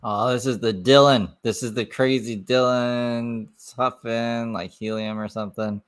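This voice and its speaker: A man hosting a live stream, talking in a rambling, offhand, low-key way as he comments on clips. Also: fairly even intonation, a little slow. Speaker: livestream host.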